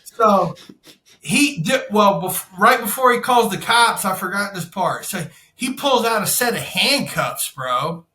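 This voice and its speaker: A man's voice: high-pitched, measured pace, echoey room. A man telling a wild story on a podcast, swearing a lot and acting out what people said. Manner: profane, animated storytelling, acts out quotes. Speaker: podcast guest, insurance broker. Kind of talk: casual storytelling.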